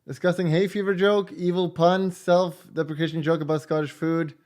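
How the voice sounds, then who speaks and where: A man's voice: a little high, little pitch movement, moderate pace, a little mellow. A man streaming a game, muttering dry remarks and reading joke options aloud. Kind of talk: casual gameplay commentary.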